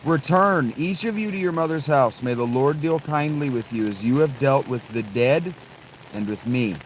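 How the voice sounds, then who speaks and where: A man voicing a bitter, aging widowed mother-in-law who pleads insistently, his pitch lifted a little. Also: normal speed, a little hiss or hum, close to an everyday voice, poor audio. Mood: pleading.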